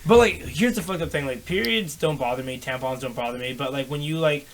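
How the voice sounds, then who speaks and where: A man's voice: medium pitch, a little fast, slight background noise. A man chatting casually on a podcast, laid-back and profane, calling everyone dude and bro. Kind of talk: crude casual chat.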